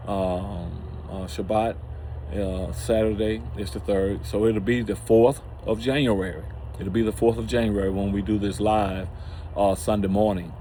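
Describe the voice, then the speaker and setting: A man hosting his own channel, talking through a religious teaching in a casual, halting way with many restarts. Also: fairly low pitch, mellow, a little hiss or hum. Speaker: channel host.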